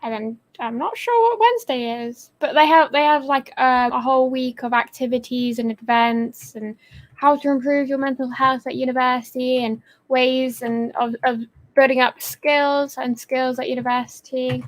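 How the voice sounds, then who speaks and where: A woman's voice: high voice, fairly even intonation, normal speed. A young adult woman co-hosting a stream, talking casually and rambling with lots of "like" fillers. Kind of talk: casual livestream chat.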